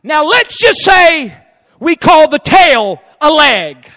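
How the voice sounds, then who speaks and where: Brief: wise older statesman, deliberate, instructive, bright high voice, put on by a preacher. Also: sing-song, full character voice. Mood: patient. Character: patient old statesman teaching a boy.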